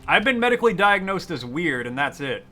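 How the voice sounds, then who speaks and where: Lively young man streaming a game. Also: high voice, a little fast, soft background music. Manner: jokey, rambling, reacts to chat. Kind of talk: casual gaming stream chat.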